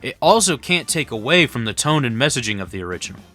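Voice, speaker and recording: A man's voice: mid-range voice, very animated, fast, bright, forceful tone. A man reading a scripted voice-over game review in an opinionated, blunt way.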